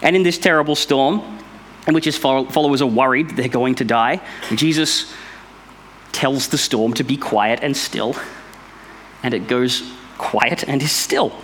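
A man's voice: medium pitch, a little slow, fairly bright tone, slight background noise. A man giving an informal Bible study, explaining step by step in a thoughtful, conversational way. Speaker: Bible teacher.

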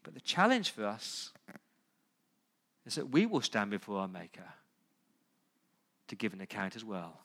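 A man's voice: lowish voice, big pitch swings, unhurried, long pauses. Man preaching an impassioned sermon. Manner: impassioned preaching, building through loud repeated lists; pleading, direct questions to the listeners. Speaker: pastor.

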